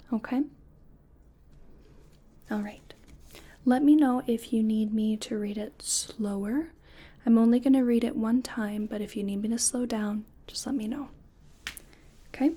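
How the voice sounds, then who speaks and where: A woman in a whispered role-play as a clinician, giving gentle, patient step-by-step instructions in a soft, breathy whisper. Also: on the high side. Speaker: ASMR artist playing a clinician giving cognitive tests.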